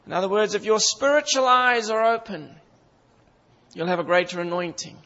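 A high-pitched man preaching with fervent emphasis, building through repeated phrases. His voice rings out with a long reverb tail, as in a large hall, and the recording sounds somewhat dull and muffled. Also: moderate pace, sharp tone. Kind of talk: sermon.

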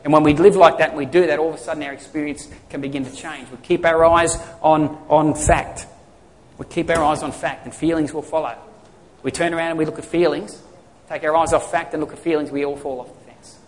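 A male pastor whose voice sits on the high side speaks fast and steadily, questioning his congregation and then answering for them in a conversational sermon. The recording has long hall reverb and slight background noise.

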